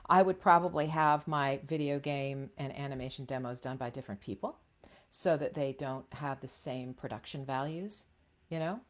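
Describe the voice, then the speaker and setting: A woman's voice: extremely low pitch, moderate pace. A middle-aged woman coaching voice actors in a casual, frank teaching talk, chatty with many fillers and restarts.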